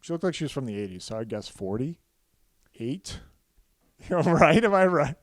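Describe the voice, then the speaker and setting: A young man co-hosting a comedy podcast, teasing and animated, cursing freely as he chats. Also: mid-range voice, measured pace, dry recording, studio quality. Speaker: podcast co-host. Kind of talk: casual comedy podcast chat.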